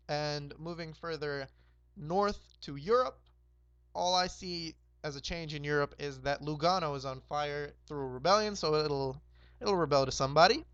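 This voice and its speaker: A hoarse young man hosting a roleplay game, casually recapping the map in a rambling, laid-back way with lots of fillers. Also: a little high, fairly bright tone, no room sound, muffled recording. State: hoarse, sore throat.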